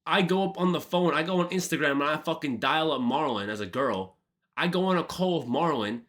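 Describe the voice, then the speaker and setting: A man streamer telling a casual story, animated and profane, full of slang and calling everyone bro. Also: a little high, fast talker.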